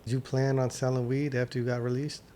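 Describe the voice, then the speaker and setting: Host: man, mid-pitched, laid-back questioner, faint background noise. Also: quick pace. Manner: relaxed, short follow-up questions. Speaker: podcast host. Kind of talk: casual interview.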